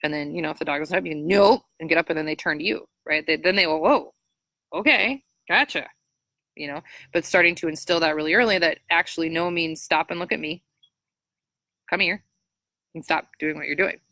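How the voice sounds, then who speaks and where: A woman dog trainer from Minnesota giving casual, chatty training advice, full of fillers, jumping up high when she imitates praising a dog. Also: quick pace, no echo. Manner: chatty, frequent fillers, animated high-pitched voice when quoting praise to dogs.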